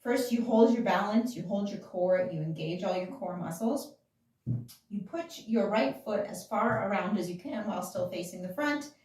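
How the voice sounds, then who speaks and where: A woman's voice: medium pitch, moderate pace, a little mellow, distant mic. A woman teaching a casual dance class, counting beats aloud and explaining moves in a chatty, giggly way. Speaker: dance instructor. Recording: echoey room, voice from off-mic.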